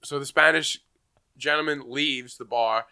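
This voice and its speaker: A young man on a casual podcast, telling an animated story and acting out what people said. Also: mid-range voice, measured pace, gravelly, clear, resonant tone. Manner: animated storytelling, acts out quotes, laughs often. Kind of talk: casual chat.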